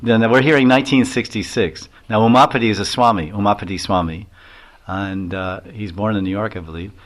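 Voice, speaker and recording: A man's voice: fairly low pitch, fairly quick. A man giving a devotional lecture as a swami. He tells stories in a rambling way, with many chuckles and acted-out quotes.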